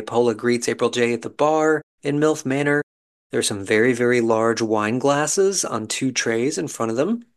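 A man hosting a podcast, giving a wry, chatty recap of a reality show episode with musing asides. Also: mid-range voice. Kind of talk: casual commentary.

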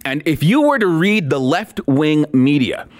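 A sarcastic male podcast host delivering political commentary. His pitch sits a bit high and swings widely as he hammers points home by repeating them. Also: big pitch swings, unhurried, darkish tone. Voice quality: sarcastic, repetitive emphasis.

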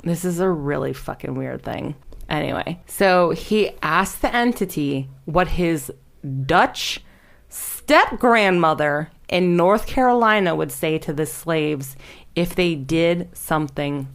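A young woman with a somewhat low voice tells a ghost story in a loose, rambling way. She laughs often and swears casually while chatting with friends. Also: animated, takes it slowly, vocal fry. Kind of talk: casual storytelling podcast chat.

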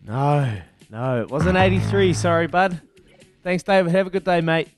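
Matey New Zealand radio quiz host. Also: male voice, on the high side, normal speed, faint music behind. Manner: matey and teasing, counts down aloud. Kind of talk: breezy radio quiz banter with callers. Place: radio studio.

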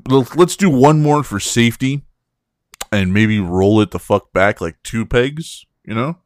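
A man's voice: medium pitch, measured pace, dry recording, clean studio sound. A man co-hosting a podcast in casual chat, acting out joking scenarios and laughing through them. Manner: animated storyteller who laughs through his bits. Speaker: podcast co-host.

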